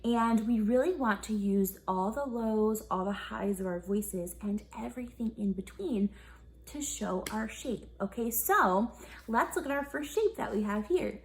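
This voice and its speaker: A woman's voice: on the high side, unhurried. A young woman teaching a children's music class, upbeat and encouraging, often asking the kids questions. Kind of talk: online kids' music lesson.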